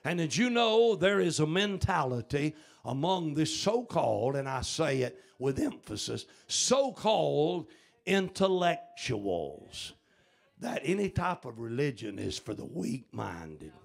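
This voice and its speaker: Man, preacher, gravelly, high voice, fiery, shouting revival sermon. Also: sing-song, normal speed, few pauses. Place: church service.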